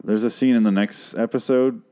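A man's voice: mid-range voice, fairly even intonation, moderate pace, dark tone, smooth. A man hosting a podcast, recapping a TV episode in a rambling, sarcastic way with a lot of swearing, talking into a handheld microphone.

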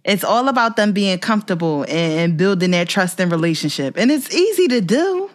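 A young adult woman, a teacher, chatting casually and telling animated stories, acting out voices and laughing often. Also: brisk. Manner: animated storyteller, acts out voices with big pitch jumps; laughs often mid-story. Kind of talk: casual chat.

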